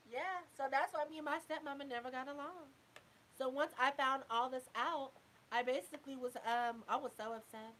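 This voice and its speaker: A woman's voice: sits high, normal speed, bright, forceful tone, a little hiss or hum, poor audio. A young adult woman host telling a personal story in a candid, profane, casual way, often turning to her listeners.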